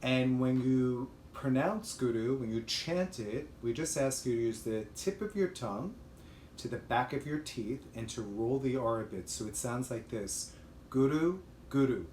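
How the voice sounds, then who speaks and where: A man's voice: medium pitch, measured pace, darkish tone, reverberant, slight background noise. A man hosting a livestream and teaching a chant, explaining in a chatty way with fillers. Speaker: host and chant leader.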